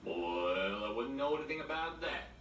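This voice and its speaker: A man playing a smug, rambling backwoods preacher, with a put-on drawl and deadpan insults. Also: medium pitch, normal speed, slight background noise, pitched above the performer's own voice. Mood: mock-solemn. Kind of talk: comedy sketch monologue to camera. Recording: roomy echo, slightly distant mic.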